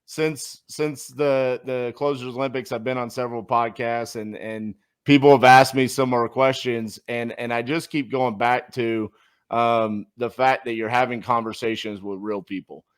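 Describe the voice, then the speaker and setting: A man's voice: mid-range voice, fairly even intonation, normal speed, clean tone. A man hosting a casual interview podcast, talking in an upbeat, enthusiastic way. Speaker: podcast host.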